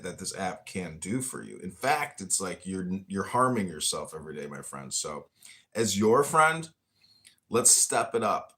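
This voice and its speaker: A man's voice: fairly low pitch, fairly bright tone. A man hosting a casual chat, telling stories in a rambling, profane way. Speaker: host.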